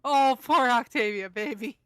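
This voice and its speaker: A woman playing a tabletop game, excitable and playful about her character. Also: on the high side, unhurried, clean tone, no echo. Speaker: player. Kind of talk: casual tabletop play.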